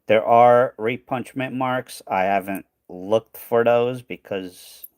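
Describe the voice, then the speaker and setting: A man's voice: medium pitch, slow, a little mellow, clean tone, no room sound. A man hosting a casual coin hunting stream, thinking aloud and trailing off, tired and losing his voice. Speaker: coin hunting channel host. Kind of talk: casual livestream chat while sorting coins.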